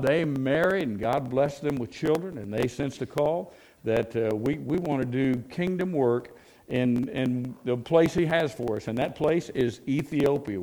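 A man's voice: mid-range voice, darkish tone, low-quality recording. A man preaching a sermon as a pastor, folksy and plain-spoken, often asking his listeners rhetorical questions.

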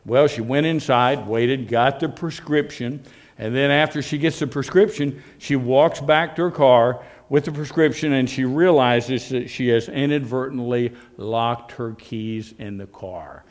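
A man's voice: medium pitch, a little slow. A male pastor preaching a sermon, telling stories in a folksy way and tossing in tag questions to his congregation.

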